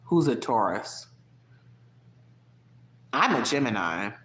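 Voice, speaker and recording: A live-stream host with a light Southern US accent chatting casually with viewers, laughing often and swooping up in pitch. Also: big pitch swings, takes it slowly, a bit bright. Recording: roomy echo.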